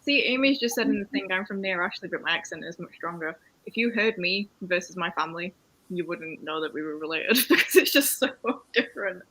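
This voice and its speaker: A woman's voice: fairly low pitch, expressive, fairly quick, bright, forceful tone, rough recording. A woman with a Yorkshire accent chatting casually with friends and laughing often. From England, Yorkshire. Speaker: booktuber on a group call. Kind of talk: casual group chat.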